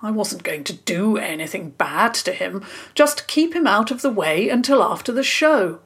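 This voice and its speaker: A woman's voice: medium pitch, expressive, normal speed, breathy edge. A woman voicing a spluttering guilty man. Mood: guilt-ridden. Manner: spluttering, apologetic, sighing. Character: flustered guilty middle-aged man caught out.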